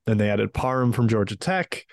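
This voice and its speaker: A man's voice: on the low side, lively intonation, moderate pace, dry recording. A man co-hosting a sports betting podcast, thinking aloud and weighing both sides before he makes a pick. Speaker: podcast co-host and betting analyst. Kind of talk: casual sports betting chat.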